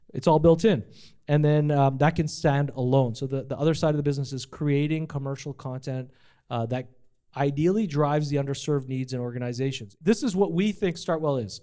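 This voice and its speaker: A middle-aged man giving a casual live talk about his company to an audience, energetic and profane, with jokey asides. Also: mid-range voice, smooth. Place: event space in front of a live audience.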